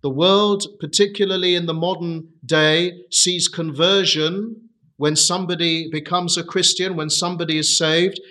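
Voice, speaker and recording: A man preaching a sermon, earnest and deliberate, lifting his voice on key phrases. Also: fairly even intonation, sharp tone. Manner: earnest, rises in pitch for emphasis; slow, deliberate delivery.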